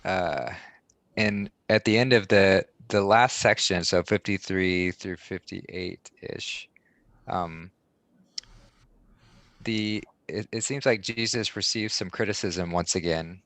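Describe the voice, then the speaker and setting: A man's voice: deep voice, slow, a bit bright, dry recording. A man hosting a casual Bible study, speaking hesitantly with many fillers. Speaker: study group host.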